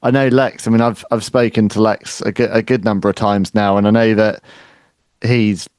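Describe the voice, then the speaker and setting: A man hosting an interview, speaking in a measured, thoughtful way with a few restarts. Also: lowish voice, little pitch movement, darkish tone, no echo. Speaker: interview host. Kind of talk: casual interview.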